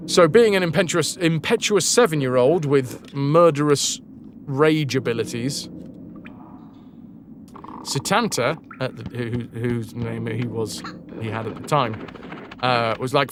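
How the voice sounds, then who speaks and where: A man's voice: mid-range voice, measured pace, noisy background. A man streaming a game and casually retelling a legend, rambling, swearing and correcting himself as he goes. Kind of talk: casual storytelling while gaming.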